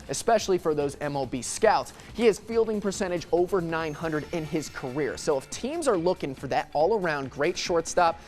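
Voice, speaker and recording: A young man co-hosting a sports debate show, playful and quick to joke while making his case. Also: high-pitched. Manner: animated, playful, laughs and jokes.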